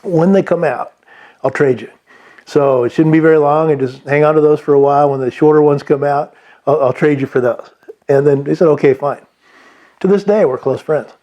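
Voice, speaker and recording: A man's voice: fairly high pitch, a little fast, mellow, highs cut off. A man giving unscripted sales advice, rambling with many restarts and fillers. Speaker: sales trainer.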